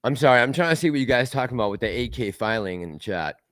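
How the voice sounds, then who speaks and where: Hosting a casual livestream, this man rambles and laughs while reading out chat messages and answering them. His mid-range voice is animated and fairly bright, he talks fast, and the recording is dry with clean studio sound.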